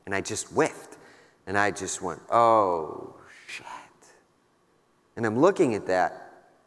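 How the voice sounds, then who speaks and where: A man's voice: fairly low pitch, big pitch swings, moderate pace. A man in his thirties giving a keynote talk, telling a personal war story in a candid, casual, wry way with lots of fillers. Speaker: keynote speaker. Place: large conference hall. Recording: long hall reverb.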